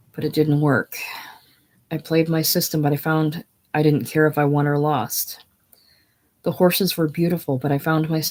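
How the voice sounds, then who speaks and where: A reader voicing a weary, cynical man worn down by grief and drink, in a listless monotone, in a casual play reading. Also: medium pitch, natural voice.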